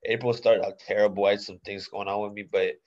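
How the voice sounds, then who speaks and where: A young man in his late teens talks on his own podcast in a relaxed, slang-heavy way, packed with fillers. His voice sits a bit low. The recording sounds muffled and lo-fi. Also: quick pace. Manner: laid-back slangy talk, many fillers. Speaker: podcast host. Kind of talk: casual solo podcast monologue. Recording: dull lo-fi sound.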